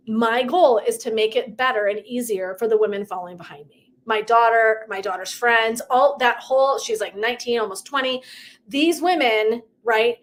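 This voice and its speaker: Middle-aged woman, motivational coach, emphatic and effusive, a little high-pitched. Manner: effusive, emphatic, tangents and asides. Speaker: purpose and legacy coach. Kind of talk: casual motivational talk to viewers.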